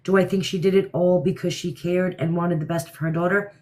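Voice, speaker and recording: A woman's voice: fairly low pitch, fairly even intonation, fairly quick, dark tone. A woman from New Jersey with a New York-area accent, hosting a casual livestream and answering viewer comments in a blunt, opinionated way. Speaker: livestream host.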